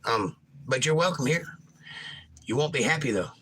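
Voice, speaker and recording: Man, middle-aged, very bright voice, casual livestream host, reads chat aloud, jokey. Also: mid-range voice, animated, normal speed, slight background noise. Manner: jokey, reads viewer comments aloud and riffs on them.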